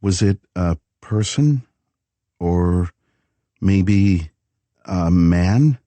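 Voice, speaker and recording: A man reading a thriller audiobook in calm, measured narration. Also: low-pitched, no echo. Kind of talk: scripted narration.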